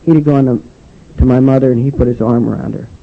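An older man with a gravelly, creaky voice tells his own story in a personal testimony speech. He speaks haltingly and restarts often. The recording sounds dull and lo-fi. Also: mid-range voice, fairly even intonation.

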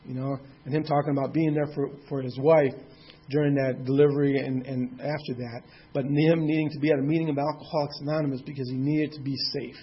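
A man's voice: mid-range voice, little pitch movement, fast, breathy edge, highs cut off. A man in his sixties sharing his own story of recovery in a candid, plainspoken way, with a mild curse now and then. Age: 60s. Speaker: speaker sharing at a recovery meeting. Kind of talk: personal testimony.

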